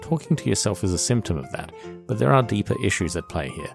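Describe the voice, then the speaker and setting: A man's voice: lowish voice, big pitch swings, fast talker, creaky, music in the background. A man hosting a comedy podcast, joking and rambling, at times arguing with himself. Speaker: podcast host.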